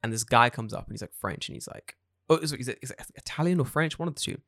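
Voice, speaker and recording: A man co-hosting a podcast in a relaxed chat, with a voice that leaps up and down as he tells stories. He swears often and slips into quick impressions of the people he meets. The sound is close and dry. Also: medium pitch, gravelly, no room sound. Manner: animated storyteller, swears a lot, acts out people in quotes. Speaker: podcast co-host. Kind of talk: casual chat. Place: lives in Japan.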